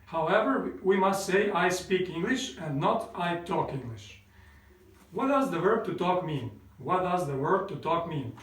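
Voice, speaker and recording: A man teaching English, repeating each question twice in a slow, clear drill. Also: high-pitched, animated, a bit bright, recorded from a distance. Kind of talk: drilled question-and-answer language lesson. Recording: roomy classroom sound from away from the mic.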